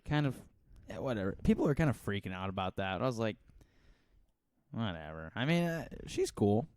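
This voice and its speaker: A young man with a lowish voice chats casually as a podcast co-host, rambling and laughing between thoughts. The sound is close and dry. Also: very animated, a little fast, darkish tone, no echo. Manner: rambling, laughs often, slips into mock accents.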